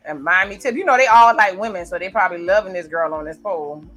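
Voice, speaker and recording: This reaction video host talks fast in a lowish, fairly bright female voice. She keeps up chatty, casual commentary on a TV episode while watching, narrating scenes and reacting out loud.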